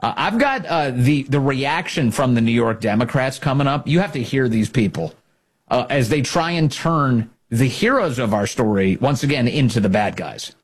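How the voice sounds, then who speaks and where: This opinionated political talk show host speaks expressively at normal speed, with a little hiss or hum in the recording. His sarcasm is constant, and he frequently ridicules opponents by imitating them in high fake voices.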